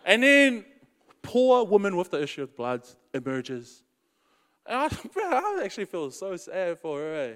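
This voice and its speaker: A man's voice: high voice, wildly swooping pitch, measured pace, fairly bright tone, clear, resonant tone, in a large hall. A man preaching in a casual, slangy storytelling way. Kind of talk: storytelling sermon.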